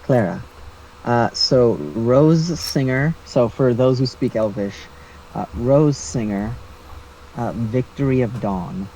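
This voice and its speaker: A man's voice: mid-range voice, slow, mellow, slight background noise. A man joking around casually as a player in a tabletop game. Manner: jokey, laid-back. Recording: slightly dull lo-fi mic.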